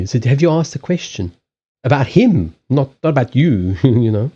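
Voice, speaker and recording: A man hosting a casual livestream chat, blunt and animated, swearing freely and acting out quoted lines. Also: medium pitch, moderate pace, breathy edge, lo-fi sound. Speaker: livestream host.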